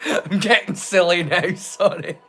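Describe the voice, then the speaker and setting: A Scottish man with a notably high voice hosts a casual livestream, wandering off into playful rhymes and daft jokes as he talks. Music plays faintly underneath him. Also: unhurried, a bit bright, breathy edge. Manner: playful and rambling, slipping into silly rhymes and jokes. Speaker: host of a live watch-along stream.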